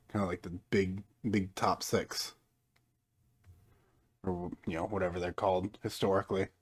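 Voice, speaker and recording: Man, lowish voice, casual gameplay commentary, flat monotone delivery. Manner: mostly flat and low-key, jumping up excitedly at goals; self-described monotone delivery. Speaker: gaming YouTuber.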